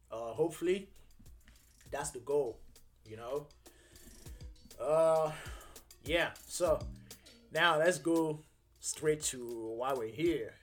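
A young adult man hosting a casual solo podcast, earnest and halting, with many fillers and restarts. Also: a little high. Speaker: podcast host.

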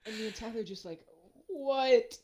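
A man's voice: fairly quick, a little hiss or hum. A young man, casually telling a story and acting out every quote with big jumps in his voice. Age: young adult. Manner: animated, acts out quotes with big pitch jumps.

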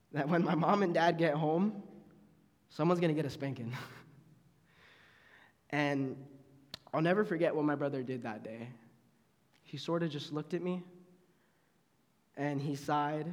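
A young man, an intern, preaching a youth sermon with an animated, laughing personal story. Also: a little high. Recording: long hall reverb.

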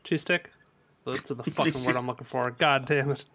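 A man's voice: medium pitch, steady tone, normal speed, fairly bright tone, a little hiss or hum. A man co-hosting a podcast, joking around and fumbling for words, swearing when stuck. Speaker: podcast co-host. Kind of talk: casual podcast banter.

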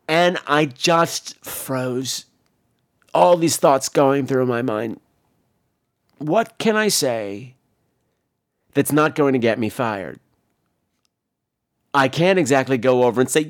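A man's voice: animated, normal speed. A middle-aged man hosting a podcast, telling bawdy stories in a campy, rambling way. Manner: campy, bawdy, swings into high mocking voices. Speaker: podcast host. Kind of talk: rambling comic storytelling.

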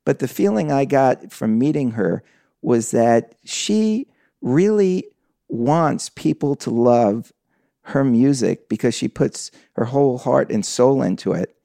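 A man's voice: mid-range voice, animated, slow pace, gravelly, dark tone, dry recording, studio quality. A man interviewing a guest, asking curious follow-up questions. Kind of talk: conversational interview.

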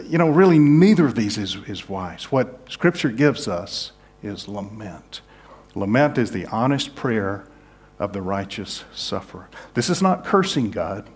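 A man's voice: on the low side, big pitch swings, unhurried. Earnest male pastor preaching a sermon. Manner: earnest, shifts from hushed to emphatic. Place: church sanctuary.

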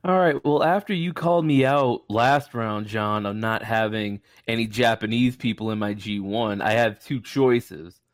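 A man's voice: lowish voice, fairly even intonation, unhurried, few pauses, no room sound, studio quality. A man on a casual podcast over a voice call, wry and self-mocking. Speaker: podcast panelist. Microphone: own mic on a voice call.

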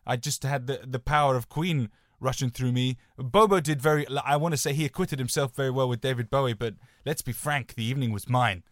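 A man's voice: medium pitch, a little fast, hardly any pauses, no echo, studio quality. A young man co-hosting a podcast, chatting casually and rambling through anecdotes with lots of "sort of" hedges. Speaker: podcast co-host.

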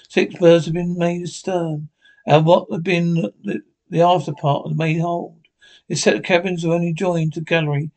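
A man narrating a classic adventure story in an even, steady reading tone, his voice sitting a little high for a man. He stumbles and restarts now and then. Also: low-quality recording. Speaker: audiobook narrator.

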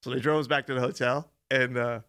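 A young adult man, co-hosting a podcast, tells a story in casual chat with a mid-range, smooth voice and a fast delivery. He's animated, laughs often, and swears freely.

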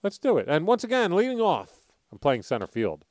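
A man's voice: fairly high pitch, huge pitch swings, a little fast, dry recording, studio quality. A man with a Philadelphia accent co-hosting a podcast, talking sports bets in a brash, profane, joking way. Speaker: podcast co-host. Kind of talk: casual sports betting chat.

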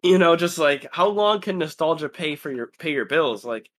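Man, high voice, rambling casual chat, acts out quotes. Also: lively intonation, normal speed, fairly bright tone. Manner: laid-back, rambling, acts out quoted friends. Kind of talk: casual chat about anime.

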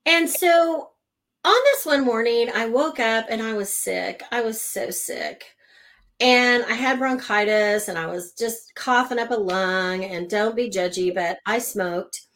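A middle-aged woman from Oklahoma telling her personal story in conversation, animated and laughing between lines. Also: on the high side, a little slow, poor audio.

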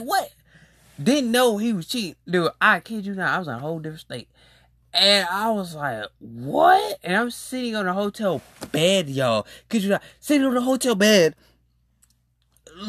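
A young adult podcast host telling a rambling, slangy personal story with loudly exclaimed reactions. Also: medium pitch, dry recording, clean studio sound. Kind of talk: casual storytelling monologue.

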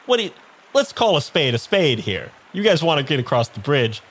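A man's voice: a little high, sing-song, a little fast, a bit bright, pitched above the performer's own voice. A man voicing a giant male bridge troll who is weary and grumbling, talking in a frank, rambling, complaining way.

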